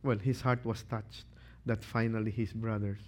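A male pastor preaching a sermon, animated, questioning his congregation and acting out quotes. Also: fairly low pitch, normal speed.

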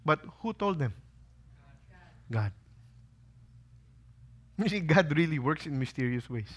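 Pastor guy preaching, kinda high bright voice, asks a question and answers it himself. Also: slow pace, long pauses, slightly rough. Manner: lively preaching, rhetorical questions, acted quotes. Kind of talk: sermon. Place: holy site visit.

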